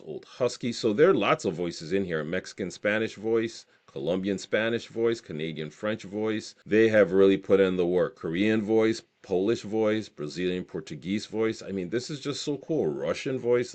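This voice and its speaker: A man's voice: on the low side, lively intonation, normal speed, hardly any pauses, a little mellow. A man walking through a video tool on screen, reading out its options with enthusiasm. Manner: enthusiastic, reads options aloud. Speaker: software tutorial presenter. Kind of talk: screen-recorded software walkthrough.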